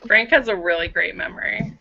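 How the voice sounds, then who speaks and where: A woman's voice: mid-range voice, vocal fry, sharp tone, dull audio, slight background noise. A woman co-hosting a casual fan chat over a video call, making dry jokes. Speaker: podcast co-host.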